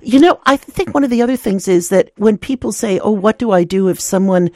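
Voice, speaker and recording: A woman's voice: medium pitch, brisk, dry recording, clean studio sound. A woman hosting a radio call-in cooking show, encouraging callers and laughing easily. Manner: warm laughter, encouraging, expressive.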